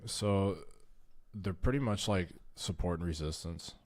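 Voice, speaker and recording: A man's voice: low-pitched, measured pace, darkish tone, no room sound. A man hosting a casual trading livestream, talking loosely and cursing, stumbling over his words as he walks through charts. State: tired, short on caffeine. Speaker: trading stream host.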